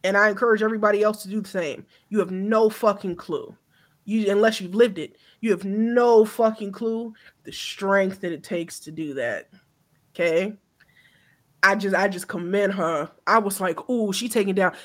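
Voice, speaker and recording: A woman's voice: mid-range voice, normal speed. A woman around thirty co-hosting a podcast, talking in a blunt, profane and impassioned way, often restarting her sentences. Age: about 30. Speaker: podcast co-host. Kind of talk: casual chat.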